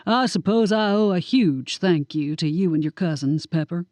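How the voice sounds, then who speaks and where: A woman's voice: lowish voice, animated, moderate pace, darkish tone, dry recording, lightly acted. A woman doing a stiff formal male official.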